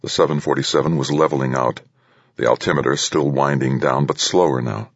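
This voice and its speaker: A man narrating an audiobook thriller in a steady, dramatic reading. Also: a bass voice, brisk, creaky, husky, dry recording. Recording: dull, dry studio read.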